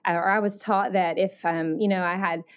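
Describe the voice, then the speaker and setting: A woman in her forties from Alabama with a Southern accent, telling her story as an interview guest in an earnest, thoughtful way with many pauses and ums. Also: medium pitch, steady tone, highs cut off. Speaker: missionary guest.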